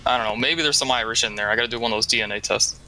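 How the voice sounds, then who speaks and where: Bright-voiced American man chatting. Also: medium pitch, very fast, slight background noise, poor audio. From USA. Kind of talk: casual chat.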